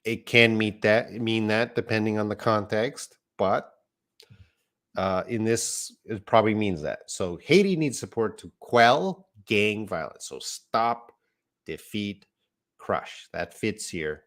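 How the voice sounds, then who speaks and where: A man teaching English live, with a deep, low voice. He talks slowly and patiently, going over words one at a time and answering questions from the chat. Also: fairly bright tone. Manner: slow, patient explaining of words, reading viewer comments aloud. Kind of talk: live online English lesson.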